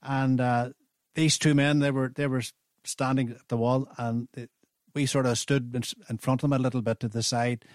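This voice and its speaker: A man's voice: mid-range voice, little pitch movement, normal speed, a little mellow, no room sound, clean studio sound. Older Irish man telling radio anecdotes. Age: 70s. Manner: rambling, anecdotal, with frequent restarts. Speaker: radio host. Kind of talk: chatty radio storytelling.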